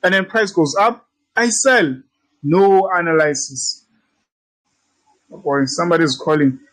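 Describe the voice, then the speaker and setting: The audio is poor as a trading instructor, his voice a little high and a bit bright, talks slightly slowly through a laid-back screen-share walkthrough. He teases, acts brash, says things more than once, and curses without restraint.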